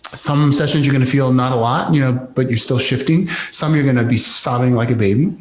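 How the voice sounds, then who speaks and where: A man's voice: mid-range voice, a little fast, a little mellow, roomy sound. A man who coaches breathwork, talking earnestly and enthusiastically as a guest, now and then swearing. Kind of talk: casual interview talk.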